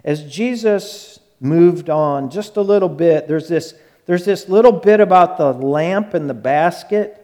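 High-voiced guy preaching slow and deliberate, big echoey hall sound. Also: mellow. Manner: slow, emphatic preaching with quick acted asides. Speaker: pastor. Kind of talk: sermon.

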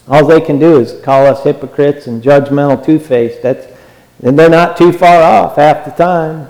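A man's voice: on the high side, normal speed, a little mellow. A man preaching a sermon, earnest and exhortative, and often repeating his phrases. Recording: long hall reverb.

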